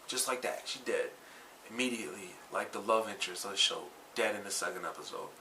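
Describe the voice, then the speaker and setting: Low-voiced man, loose profane anime recap. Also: a little fast, bright, forceful tone. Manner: rambling and profane, with many fillers and self-corrections. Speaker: anime reviewer. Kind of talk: casual episode recap. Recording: slightly distant mic with faint background noise.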